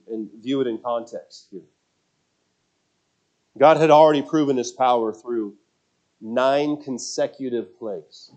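A man's voice: medium pitch, a little mellow. A man preaching a sermon, earnest and emphatic, often repeating words as he restarts his thoughts.

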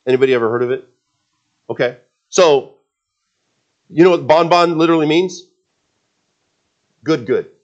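A man with a fairly high voice delivers a sermon to a congregation. He builds emphasis on repeated words and tosses in casual asides. His delivery is emphatic. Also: moderate pace, long pauses, lo-fi sound. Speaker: pastor.

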